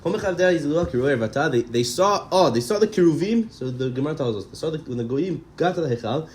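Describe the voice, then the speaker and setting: A man giving a Torah class with a lively, swooping voice that sits a little high for a man. He reads out Hebrew texts, explains them in an animated way, stumbles over repeated words and throws questions at his listeners. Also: moderate pace, slight background noise. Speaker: Torah teacher.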